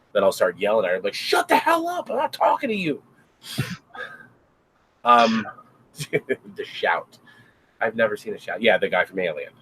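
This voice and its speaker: A man joining a casual chat as a guest, animated and joking, acting out quotes. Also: on the low side, slight background noise. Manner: animated joker who acts out quotes.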